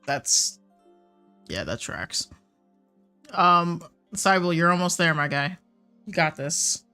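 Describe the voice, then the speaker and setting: A game master narrating a tabletop game in a relaxed, playful way with many fillers. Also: medium pitch, slow, soft background music.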